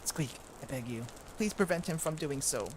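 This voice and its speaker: A man voicing a grieving male hedgehog father in a video game, reading the lines aloud between squeaks. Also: lively intonation, moderate pace, a little hiss or hum, close to an everyday voice. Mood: pleading. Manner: reads game dialogue aloud, adding squeaks.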